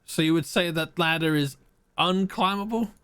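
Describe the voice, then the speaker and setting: A playful man streaming a game, reading choices aloud and joking with viewers. His voice is smooth and slightly high, recorded close and dry. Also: moderate pace, fairly bright tone, no room sound. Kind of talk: live game playthrough, reading aloud and chatting.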